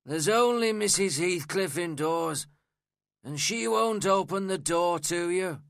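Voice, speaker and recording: A gruff, growling old farm servant, as a male narrator plays him, unfriendly and short with strangers. His voice rides high and slow, close and dry. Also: a bit bright, no echo, full character voice. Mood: surly.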